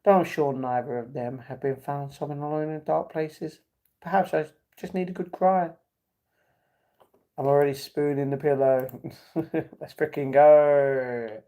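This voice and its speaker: A man's voice: a little high, steady tone, normal speed, dark tone. Man reading a novel aloud on stream. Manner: reads with stumbles and self-corrections, laughs at chat.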